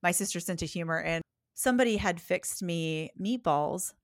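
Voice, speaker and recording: A woman's voice: lowish voice, moderate pace, no echo, clean studio sound. A woman podcast co-host with a slight Appalachian twang, chatting casually and telling stories. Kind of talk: casual chat.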